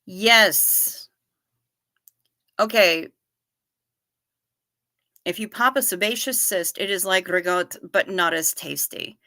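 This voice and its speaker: An American woman hosts a casual livestream, reading out viewer comments and answering them bluntly, saltily, and with quick teasing. Her voice is on the low side, pushed and bright. The recording is dry and studio quality.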